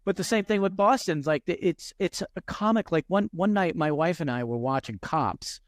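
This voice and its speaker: A man co-hosting a podcast, telling stories in a lively, animated way with quick restarts. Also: fairly high pitch, no room sound, clean studio sound. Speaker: podcast co-host. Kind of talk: casual interview chat.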